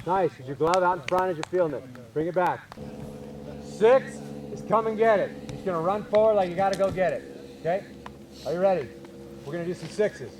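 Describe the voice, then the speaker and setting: A man coaching baseball infielders on a field, calling out short, energetic drill cues and explaining technique. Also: sits high, brisk, a little hiss or hum.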